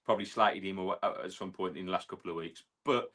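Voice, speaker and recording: A man's voice: deep voice, fast talker, a bit bright. An English man co-hosting a football fan channel, matey and enthusiastic in casual chat.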